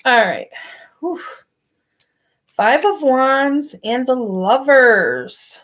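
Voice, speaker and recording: A woman's voice: high-pitched, expressive, very slow, a bit bright. A woman giving a casual tarot reading to camera from her bed, rambling with lots of filler words. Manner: rambling, filler-heavy with frequent "like". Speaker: tarot card reader. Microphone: camera in front of her.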